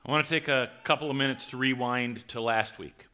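A male pastor preaching a sermon in a conversational, animated way, acting out the quotes from scripture. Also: mid-range voice, a little fast, noisy background.

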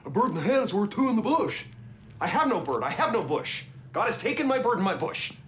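A man's voice: high-pitched, big pitch swings, a little fast, a bit bright, a little hiss or hum. An actor playing a bitter, self-pitying man who rants sarcastically against God, over a film score. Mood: sarcastic. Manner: sarcastic, ranting, theatrical.

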